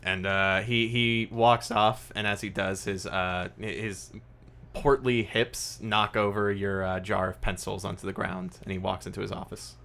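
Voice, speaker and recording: Bright-voiced male game master. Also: sits low, level tone, unhurried, vocal fry. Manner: rambling, filler-heavy. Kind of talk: narrating a tabletop game.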